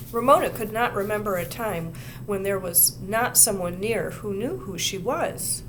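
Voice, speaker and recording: A woman reads a children's chapter book aloud at a middle pitch, telling the story with lively expression. Her narration is clear and warm with storytelling, with a faint rumble underneath. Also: moderate pace. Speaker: reader.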